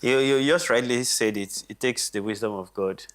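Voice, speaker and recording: A co-host on a panel show, affirming the guest and asking measured questions. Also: mid-range voice. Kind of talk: panel talk.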